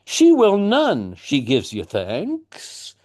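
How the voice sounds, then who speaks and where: A man reading the part of a haughty mother with a high, curt delivery. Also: wildly swooping pitch, extremely slow, darkish tone, heavily acted. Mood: cold. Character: cold, haughty mother siding with her husband.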